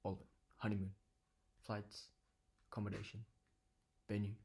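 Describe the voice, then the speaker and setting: A young man speaks low and earnestly in a home living room, keeping his voice down and at times slipping into a whisper. His voice is deep, gravelly and a little husky, and it stays on a fairly flat pitch. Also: moderate pace. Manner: quiet, low-key and earnest, sometimes dropping to a whisper. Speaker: vlogger. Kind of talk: reflective personal vlog.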